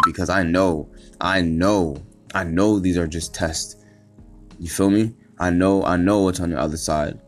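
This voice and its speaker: A man hosting a solo motivational podcast, talking emphatically, swearing a lot and repeating himself as he pushes through. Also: sits low. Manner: emphatic, repetitive and profane, with many restarts. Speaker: podcast host.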